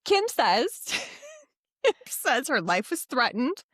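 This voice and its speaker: Giggly woman, lively high voice. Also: slow, breathy edge, dry recording, clean studio sound. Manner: giggly storyteller, many "like"s. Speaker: podcast co-host. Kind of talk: casual chat.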